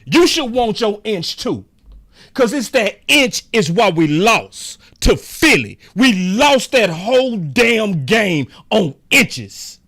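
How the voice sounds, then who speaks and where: A man's voice: high voice, very animated, slow, gravelly, fairly bright tone. A man ranting heatedly as a sports commentator, repeating himself for emphasis in a fan vlog. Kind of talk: fan rant about a football game.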